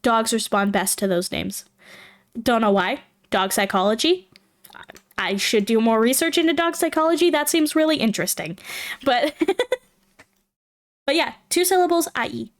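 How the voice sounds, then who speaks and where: A young woman streaming a game, talking in a loose, rambling way and thinking aloud. She speaks at an unhurried, drawn-out pace in a fairly high voice. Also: animated. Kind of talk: casual livestream chat while playing a game.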